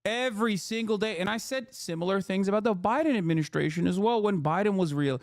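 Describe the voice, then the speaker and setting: A man streaming from his living room, giving political commentary in an animated, exasperated rant with blunt slang. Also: high-pitched, fast, no room sound, clean studio sound. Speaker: Twitch streamer.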